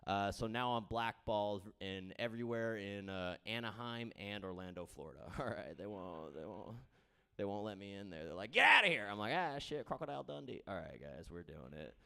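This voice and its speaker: A young male stand-up comic on a club stage, talking into a handheld mic. His voice sits a little low and sounds smooth and clean, and he rambles loosely, leaning on fillers and tagging lines with "all right?" as he riffs on the crowd. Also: moderate pace. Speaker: stand-up comedian. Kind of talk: stand-up set with crowd work.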